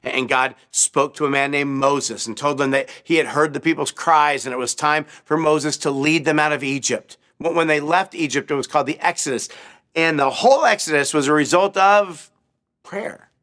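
A man with a bright, forceful voice that sits a little high, telling a sermon as a string of quick stories. He keeps asking his listeners questions and leans into key words. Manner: animated, asks the audience questions, acts out crowd voices. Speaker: preacher. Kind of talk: children's sermon storytelling.

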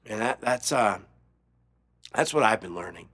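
A male pastor delivering a sermon in a bright, forward voice at a slow, deliberate pace. He swings between hushed, near-whispered moments and raised, urgent stretches, often repeating a word or restarting before landing on a phrase. His emphasis falls on slow, stressed key lines. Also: fairly low pitch, lively intonation, gravelly, slightly rough.

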